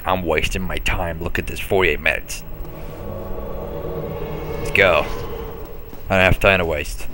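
A man's voice: deep voice, fairly even intonation, unhurried, long pauses, background noise. A man giving casual let's-play commentary on his own gameplay, laughing often and swearing freely. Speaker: gameplay video host.

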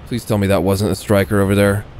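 Low-voiced man muttering gameplay commentary. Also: flat delivery, quick pace, darkish tone, slight background noise. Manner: muttering, swearing asides to viewers. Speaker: gaming video creator.

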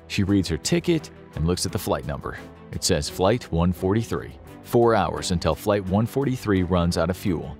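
A man giving scripted narration of a dramatic story in a steady, storytelling manner. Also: low-pitched.

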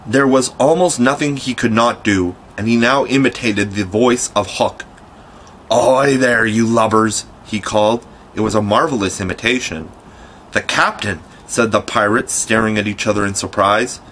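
A man narrating an audiobook with a fairly low voice. His reading is measured and steady, in a classic storybook manner. A faint hiss sits behind him. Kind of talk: scripted narration.

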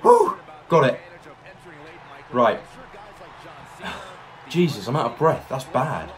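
A man giving excitable let's-play commentary, narrating each move and reacting loudly as he plays. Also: fairly low pitch. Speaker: gaming YouTuber.

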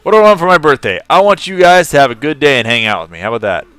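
A man from California talks through his game on a live stream in a bright, clean voice. He chats loosely, laughs often and greets viewers by name. The sound is dry and close, with no room echo. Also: fairly high pitch, sing-song, very fast, clean tone. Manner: chatty, laughs often, greets and answers chat. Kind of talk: casual live-stream commentary.

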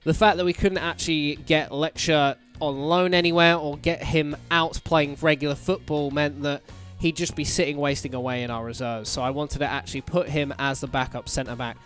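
A young man giving casual let's-play commentary on his own game, chatty and bursting into excited shouts at the players. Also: a little high, moderate pace, few pauses, soft background music. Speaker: gaming channel host.

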